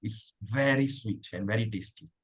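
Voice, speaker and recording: A man leading an online devotional class over a video call, asking the class questions and chanting verses slowly. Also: lowish voice, husky. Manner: chatty, asks the class questions. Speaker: spiritual teacher.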